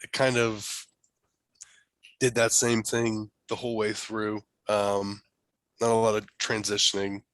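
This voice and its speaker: A man's voice: on the low side, flat delivery, a little slow, pauses often, a bit bright, no echo. A man on a studio podcast panel, chatting in a loose, offhand way with trailing phrases. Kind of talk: casual podcast chat.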